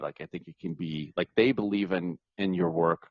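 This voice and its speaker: Very deep-voiced relaxed man. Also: moderate pace, no room sound, lo-fi sound. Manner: relaxed, conversational. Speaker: podcast guest. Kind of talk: casual interview chat.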